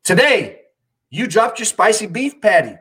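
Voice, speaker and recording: A man's voice: sits high, very animated, measured pace, fairly bright tone. A man co-hosting a comedy podcast, teasing his friend in a mock-preachy way. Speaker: podcast co-host. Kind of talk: casual comedic banter.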